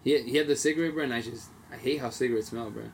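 A young man co-hosting a casual podcast, telling animated stories in slang and swearing freely. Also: medium pitch, racing, a little hiss or hum. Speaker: podcast co-host. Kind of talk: casual chat.

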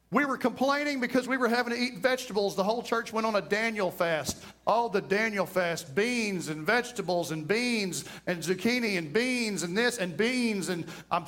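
High-voiced man preaching a sermon. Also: fairly quick. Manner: animated preaching, varies pace widely. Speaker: pastor.

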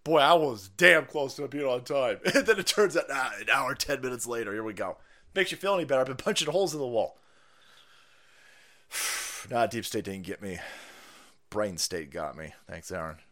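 A man's voice: mid-range voice, expressive, moderate pace, pushed and bright. A man hosting a livestream, ranting through profane political commentary and laughing often. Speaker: livestream host.

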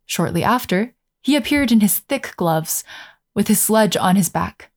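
A woman narrating a fairy tale in a gentle, measured storytelling manner. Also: mid-range voice, expressive.

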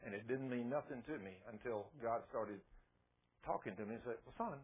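A man's voice: medium pitch, fairly quick. A middle-aged man, preaching a sermon in a folksy storytelling way that rises to fervent exhortation. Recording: narrow phone-like radio broadcast.

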